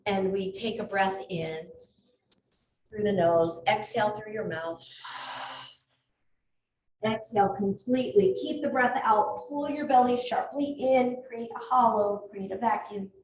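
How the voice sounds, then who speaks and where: A woman yoga instructor guiding a class with calm, unhurried cues and occasional laughing asides about herself. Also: medium pitch. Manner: calm cueing with light self-laughing asides. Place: athletic club studio. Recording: roomy echo from far off, faint ambient noise.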